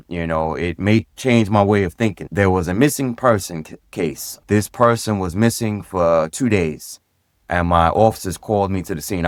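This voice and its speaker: A middle-aged man from Brooklyn, a former police sergeant guesting on a podcast, telling stories from his career in an easygoing, direct way and getting animated when he acts out conversations. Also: deep voice, dry recording, studio quality. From Brooklyn, New York. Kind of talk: casual storytelling in a podcast interview.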